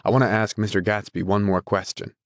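A deep-voiced arrogant rich man sneers and snaps, as a male reader plays him. He sounds incredulous and insulting. The recording is close and dry. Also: level tone, fairly quick, dry recording, lightly acted. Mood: sneering. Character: arrogant wealthy man, scornful and bullying.

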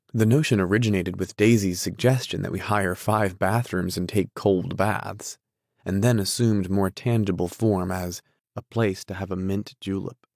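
A man narrating an audiobook in a measured, unhurried reading. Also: deep voice, a little mellow, no echo, studio quality.

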